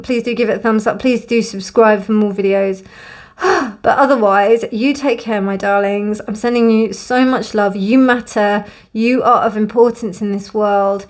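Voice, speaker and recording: A young woman gives a casual, gently emotional tarot card reading in a warm, reassuring way. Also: on the high side. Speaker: tarot reader.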